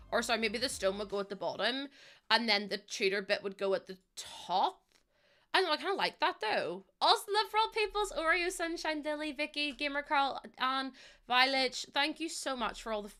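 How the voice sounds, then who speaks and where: Bright-voiced chatty woman streamer. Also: on the high side. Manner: chatty, rambling, thinks aloud, thanks viewers often. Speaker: live streamer. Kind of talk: casual live-stream chat while building in a game.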